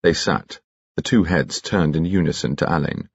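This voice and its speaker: A man narrates in a calm, measured, quietly dramatic manner, his voice very deep and gravelly. The sound is close and dry. A faint lo-fi dullness sits over the recording. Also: no echo. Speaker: audiobook narrator. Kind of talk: scripted narration.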